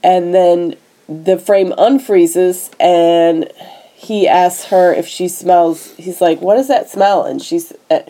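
Low, mellow woman retelling a film plot. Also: slow pace, low-quality recording. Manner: animated storytelling, acting out dialogue. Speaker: podcast host recapping a film. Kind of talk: casual chat.

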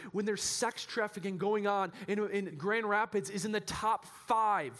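A pastor preaching a sermon in a church, animated and building to shouts at its peaks, often restarting his sentences. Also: high voice, measured pace.

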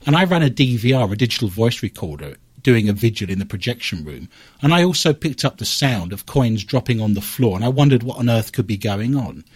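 A man's voice: mid-range voice, husky, no echo. A man hosting a paranormal quiz show on the radio. He reads a theatrical scripted opening with dramatic flourishes, then tells a ghost-hunting story in a looser, chatty way. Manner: dramatic, playful delivery with big swoops and drops. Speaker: paranormal investigator.

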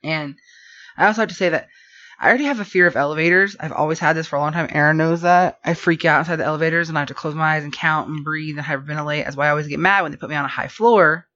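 A woman telling a rambling story in casual podcast chat, animated and full of fillers. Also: low voice, rapid-fire. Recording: dull lo-fi podcast audio.

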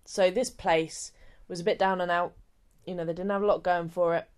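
A woman with a somewhat low voice co-hosts a podcast in a relaxed, chatty way. She walks through things step by step and slips in jokes as she goes. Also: normal speed, clean tone. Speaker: podcast co-host. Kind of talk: casual chat.

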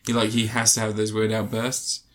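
A man's voice: lowish voice, monotone, a little fast. A young man co-hosting a podcast, rambling through a film summary with many restarts and fillers. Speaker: podcast co-host reviewing a film. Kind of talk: casual chat.

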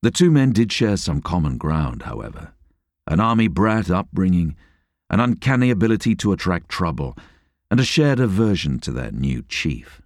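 A man reading a novel aloud as an audiobook narrator, expressive and measured. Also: low-pitched, no echo, clean studio sound. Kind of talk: scripted narration.

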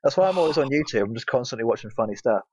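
A man's voice: mid-range voice, expressive, racing, highs cut off, crowd noise. A man co-hosting a casual chat show, easygoing and agreeable, laughing often. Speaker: podcast co-host.

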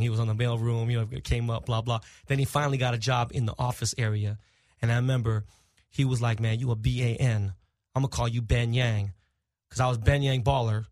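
A middle-aged man on a podcast, telling animated, profane stories in casual chat and acting out the people he quotes. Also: medium pitch, fairly quick, dry recording, studio quality. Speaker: podcast guest. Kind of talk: casual storytelling.

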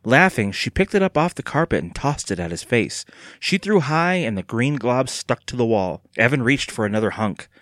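An expressive male narrator reads a scripted storybook in a mid-range voice at a moderate pace. He is an audiobook narrator, recorded with clean studio sound and no echo.

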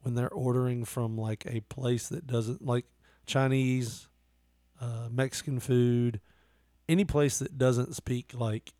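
A man's voice: mid-range voice, flat delivery, slow, dark tone, no room sound, clean studio sound. A man co-hosting a podcast in casual chat, joking and laughing a lot as he riffs.

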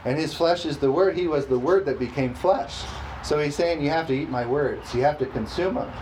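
A man preaching a sermon, reading scripture slowly and emphatically and calling for responses from the congregation. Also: on the high side, darkish tone, a little hiss or hum, low-quality recording. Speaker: pastor.

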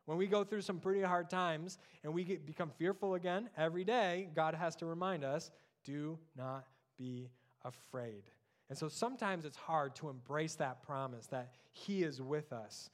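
Brief: man, 30s, pastor preaching, slightly high voice, softens on key words. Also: moderate pace, hardly any pauses. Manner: drops soft and low on key words. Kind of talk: sermon.

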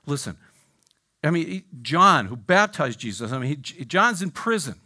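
A man preaching in a lively, dramatic way, with his voice rising and falling widely. He drops from loud exclamations to hushed near-whispers and keeps checking in with his listeners. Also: fairly high pitch, moderate pace. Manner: repeats "right?" and "I mean" to engage listeners. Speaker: pastor. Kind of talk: sermon.

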